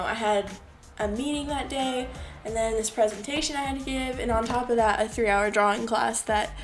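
Chatty young woman telling a story. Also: fairly high pitch. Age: young adult. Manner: chatty, rambling, lots of "like" and "um". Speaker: podcast host. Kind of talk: casual storytelling.

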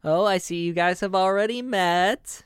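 A woman voicing a sweet elderly grandmother who fusses over her guests, with slow, drawn-out invitations. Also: medium pitch, smooth, no echo, studio quality, lightly acted. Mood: doting.

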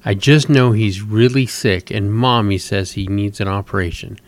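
A man's voice: fairly low pitch, fairly even intonation, moderate pace, no room sound, natural voice. A man voicing an earnest, determined eight-year-old girl in a read-aloud story, sounding insistent and pleading.

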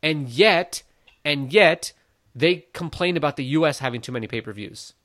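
A man's voice: a little high, moderate pace. Opinionated man chatting about boxing. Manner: opinionated, animated, frequent "like" fillers. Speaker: boxing podcast co-host. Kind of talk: casual conversational commentary.

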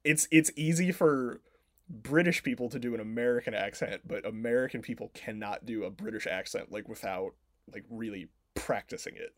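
A man at a middle pitch talks through a film plot on a casual podcast, loose and rambling. He leans on filler words and curses freely. The sound is dry and close, with no room around it. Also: normal speed, no echo. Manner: rambling, full of "like" fillers and swearing. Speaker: podcast co-host.

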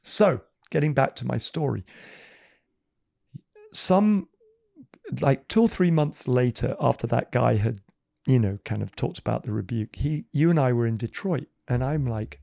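Gravelly man telling a faith story. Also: medium pitch, measured pace, no room sound, clean studio sound. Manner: animated storyteller, acting out voices. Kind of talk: telling a faith testimony in conversation.

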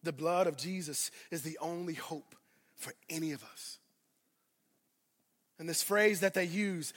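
Bright-voiced preacher man. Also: sits high, lively intonation, normal speed, big-room sound. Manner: dramatic preaching, swinging from loud to hushed; addresses congregation directly, repeats phrases for emphasis. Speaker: pastor. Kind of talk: sermon.

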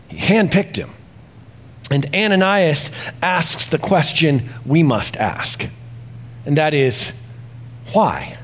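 A male pastor delivers a sermon with open, confessional candor. His voice sits a little high for a man, and he swings from quiet reflection to animated exclamation.

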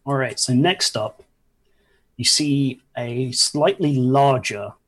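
A calm dungeon master narrating a tabletop game, often apologetic when dealing out damage. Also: medium pitch, slow pace.

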